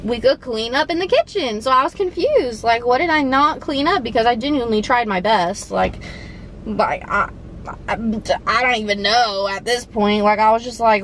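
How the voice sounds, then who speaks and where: A young woman vlogger telling a story casually, animated, swearing, with lots of "like". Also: a little high, normal speed, a little hiss or hum, poor audio.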